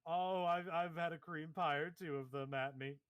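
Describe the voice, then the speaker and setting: A man's voice: fairly high pitch, fairly even intonation, normal speed, clean tone, dry recording, highs cut off, pitched above the performer's own voice, natural voice. A man voicing a jolly male octopus clown professor with a put-on Southern accent and a giddy, sing-song manner. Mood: teasing.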